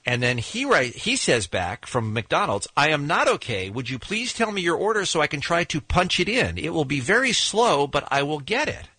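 Lively, bright-voiced radio host man. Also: fairly high pitch, normal speed, few pauses, breathy edge, no room sound. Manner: animated storyteller, laughs while reading. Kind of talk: morning radio chat, reading out a story. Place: radio studio.

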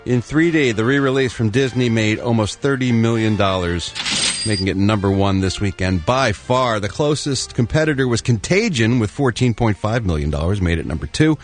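A male co-host reads the weekend box office with a lively, swooping voice and throws in jokes. Faint music plays underneath. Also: fairly low pitch, moderate pace. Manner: jokey, animated. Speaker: radio co-host. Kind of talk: entertainment news on radio.

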